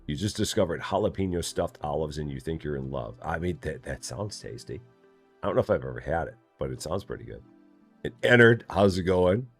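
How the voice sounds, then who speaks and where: Man, deep voice, very animated intonation, casual live game stream, jokey rambling chatter, reads chat aloud. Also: a little fast, creaky, breathy edge, soft background music.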